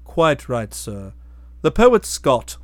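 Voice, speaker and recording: A man voicing a deferential, unflappable valet who speaks in a measured, formal way. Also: medium pitch, big pitch swings, dry recording, studio quality. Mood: composed. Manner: measured and formal, trailing off softly on each "sir".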